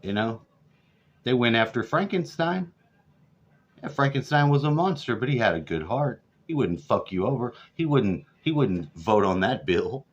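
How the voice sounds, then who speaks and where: A man's voice: mid-range voice, lively intonation, moderate pace. A man over forty, ranting profanely and sarcastically in a rambling vlog. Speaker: vlogger. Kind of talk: profane political rant. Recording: dull lo-fi audio.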